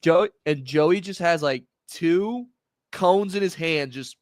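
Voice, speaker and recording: A man's voice: fairly high pitch, slow pace, dry recording, clean studio sound. A man co-hosting a casual podcast, telling family stories and laughing through them. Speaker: podcast co-host. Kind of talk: casual storytelling chat.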